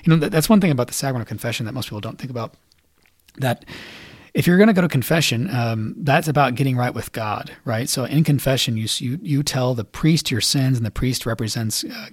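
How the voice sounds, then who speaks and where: Quick-talking priest retelling a story. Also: male voice, medium pitch, slightly rough, no room sound. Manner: conversational, animated retelling with fillers. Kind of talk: casual retelling and teaching.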